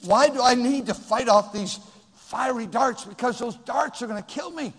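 An older man preaching a sermon as pastor, swinging from hushed asides to sudden shouts. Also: very high voice, normal speed, husky, big-room sound.

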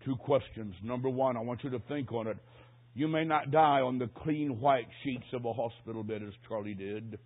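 A man preaching a sermon, telling a story dramatically, dropping to a hush and rising to a shout. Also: medium pitch, moderate pace. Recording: tinny phone-like lo-fi recording.

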